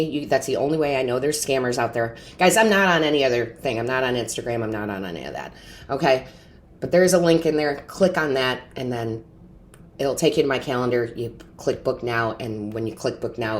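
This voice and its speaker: Low-voiced earnest woman reading tarot. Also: a little hiss or hum. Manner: earnest, emotional, often asks "right?" and "okay?". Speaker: tarot reader and medium. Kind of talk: intuitive tarot reading to camera.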